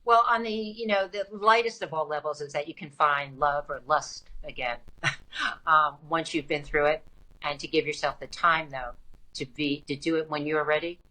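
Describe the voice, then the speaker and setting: A middle-aged woman author telling her story in an interview, animated and emphatic, with frequent restarts. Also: low voice, moderate pace. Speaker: guest author. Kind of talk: conversational interview.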